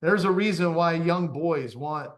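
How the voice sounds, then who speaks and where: Male motivational coach, middle-aged, pitched a touch high, animated and self-deprecating, laughs easily. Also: measured pace. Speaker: confidence coach. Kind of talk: motivational talk.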